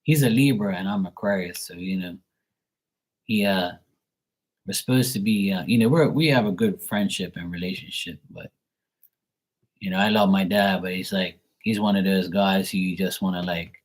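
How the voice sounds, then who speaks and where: A man's voice: deep voice, moderate pace. A man in his forties telling a rambling family story in a casual way, with lots of filler words. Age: 40s. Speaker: tarot reader and channel host.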